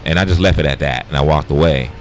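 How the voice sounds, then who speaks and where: Male streamer, very deep voice, blunt and profane, faint music underneath. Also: fast talker. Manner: blunt, profane, retelling arguments in dialogue. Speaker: livestream host. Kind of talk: casual livestream storytelling.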